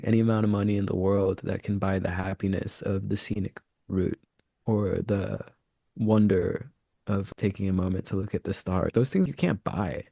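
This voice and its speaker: A man's voice: fairly low pitch, mellow, no echo, clean studio sound. A man co-hosting a podcast, thoughtfully sharing reflections and offering small supportive interjections in casual conversation.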